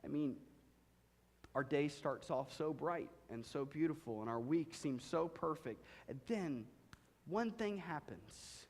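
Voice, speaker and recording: A man with a high voice preaches in a church sanctuary. His delivery is dramatic, rising to loud emphasis and dropping to hushed, low lines. The sound carries a long hall reverb. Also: expressive, a little slow. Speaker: pastor. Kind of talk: sermon.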